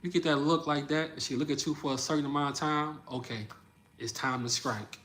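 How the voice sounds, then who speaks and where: A man's voice: on the high side, steady tone, brisk, fairly bright tone. A man from the Midwest of the US chatting loosely with viewers on his live stream, laughing often and talking in slang. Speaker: livestream host. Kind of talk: casual livestream chat with viewers.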